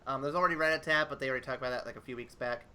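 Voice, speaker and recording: A man's voice: medium pitch, racing, pushed and bright, clear, resonant tone. A man hosting a podcast, running through game news in a loose, profane way with frequent ums and laughs. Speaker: podcast host. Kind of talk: casual podcast chat.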